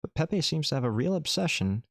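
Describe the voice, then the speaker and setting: A man's voice: a little high, very animated, brisk, gravelly, no room sound, clean studio sound. A man streamer reading a text adventure game aloud, with playful joking asides.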